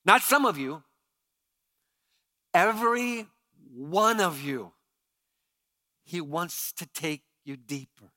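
A middle-aged man preaching a sermon in a church, telling stories animatedly with stammered restarts and dropping to a hushed low voice for emphasis. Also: animated, slow pace, long pauses. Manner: drops to a quiet low voice for emphasis. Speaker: pastor. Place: church sanctuary.

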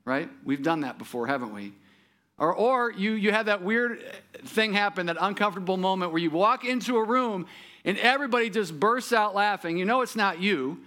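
A male pastor delivers a sermon in an easy, conversational way, pitched a little higher than most men. He keeps turning to the listeners with rhetorical questions and checks like "right?". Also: pushed and bright.

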